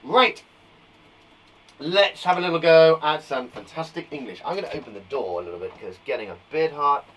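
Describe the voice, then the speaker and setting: A man's voice: fairly high pitch, expressive, fairly quick, fairly bright tone, recorded from a distance, poor audio. A man teaching a live online lesson to young children, upbeat and playful, from a small garden shed. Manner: upbeat, playful, exaggerated sound effects. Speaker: primary school teacher.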